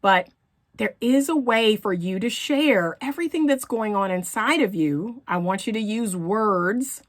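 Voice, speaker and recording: A woman's voice: medium pitch, lively intonation, unhurried. A middle-aged woman relationship coach giving earnest, emphatic advice to women, repeating her key phrases for emphasis. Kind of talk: direct-to-camera advice talk.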